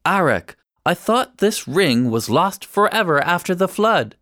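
A man reading an audiobook, voicing a village woman who is quick to accuse and interrupt. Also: sits high, sing-song, a bit bright, dry recording, studio quality, voice pushed up, heavily acted. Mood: grateful. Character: upset village woman, sharp then grateful.

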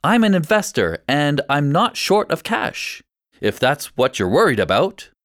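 Man playing a smug investor, slow and pushy, lively pitch, dry close sound. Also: no room sound. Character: pushy grinning male investor. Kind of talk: audiobook reading.

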